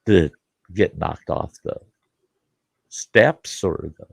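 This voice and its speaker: A middle-aged man with a low voice and vocal fry hosts a casual chat, speaking slowly with frequent pauses and no room sound. He works as a campground host and show host, and here he tells a folksy story, plays both sides of a conversation, and swears casually.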